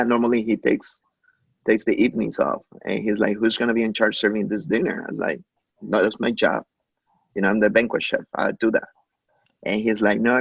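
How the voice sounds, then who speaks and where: A man who grew up in Mexico tells his story in an interview, his lower voice gravelly and breathy. He stops and restarts often and plays out the lines of the people in his stories. The sound is dry and somewhat dull. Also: dry recording. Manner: anecdotal, acts out quoted dialogue, halting with many restarts. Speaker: chef, interview guest. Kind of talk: conversational interview.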